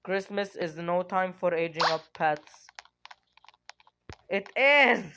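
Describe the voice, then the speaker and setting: Giggly, excitable gameplay streamer. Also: mid-range voice, slow, noisy background. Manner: giggly, dramatic self-talk, squeals.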